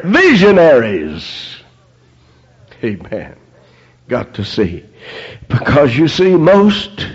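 High voiced preacher guy hollering amens, slow, husky, muffled lo-fi tape. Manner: fervent, punctuated with amens and praise God. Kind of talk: sermon.

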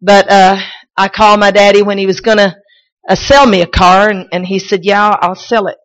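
A woman preacher, shouting and crying out in a sermon, then telling folksy stories with many restarts. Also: medium pitch, fairly even intonation, moderate pace, poor audio. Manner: folksy storytelling with repeats and restarts. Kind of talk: sermon with personal testimony.

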